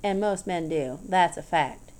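A woman's voice: lowish voice, unhurried, darkish tone, lightly acted. A woman voicing a tall, tough, blunt woman with a wry, drawling, teasing manner in an audiobook.

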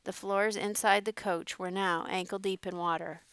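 A woman narrating a storybook in a measured way. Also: medium pitch, fairly even intonation, fairly bright tone, clear, resonant tone, no echo.

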